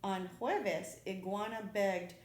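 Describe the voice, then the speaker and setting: Woman slowly reading a children's story. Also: mid-range voice. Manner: gentle, measured narration. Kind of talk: children's picture book read-aloud. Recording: echoey room.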